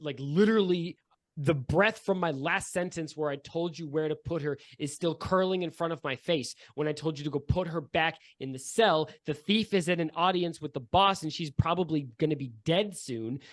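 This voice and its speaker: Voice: medium pitch, moderate pace, dry recording, studio quality, lightly acted. A game master playing an impatient crime boss who belittles an underling. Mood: irritated. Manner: curt, condescending. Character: irritable gang boss, insulting and impatient.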